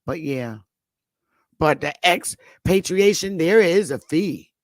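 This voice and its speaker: A woman's voice: lowish voice, lively intonation, slow pace, no room sound, studio quality. A woman hosting a casual morning talk show, rambling and blunt, with frequent swearing.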